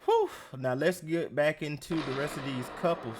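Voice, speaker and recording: A man hosting a podcast, riffing on a reality show in a casual, profane, animated way and talking straight to his listeners. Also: a little high, normal speed, background noise. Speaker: podcast host.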